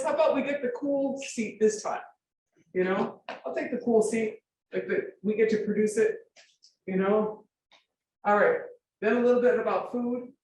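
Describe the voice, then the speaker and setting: This medium-pitched speaker, with a touch of hiss or hum in the audio, gives an informal slide talk at a forum. Delivery is emphatic, packed with rhetorical questions and frequent checks that listeners follow. The room is very echoey, with faint ambience and the voice far from the mic.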